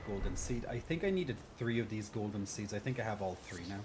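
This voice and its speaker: While streaming a video game, a man chats casually and mutters sarcastic asides to himself. His voice is fairly low, animated, and brisk. It's stream audio, with background noise present.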